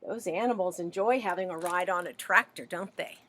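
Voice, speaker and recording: A woman librarian reading a picture book aloud to children, animated and asking them questions as she goes. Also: lowish voice, normal speed. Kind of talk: children's story read-aloud.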